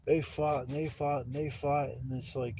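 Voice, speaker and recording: A man's voice: medium pitch, level tone, normal speed, mellow, slight background noise. A man in his forties telling rambling stories on a casual livestream, laid-back and profane, acting out the voices of people in his stories. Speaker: livestream host. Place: outdoors at a campsite.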